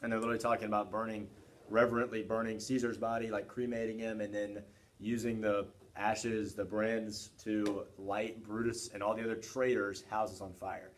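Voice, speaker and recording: A man's voice: on the low side, level tone, normal speed, a little hiss or hum. A man teaching history in a casual, conversational lecture, often checking in with his listeners. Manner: conversational, keeps asking "right?".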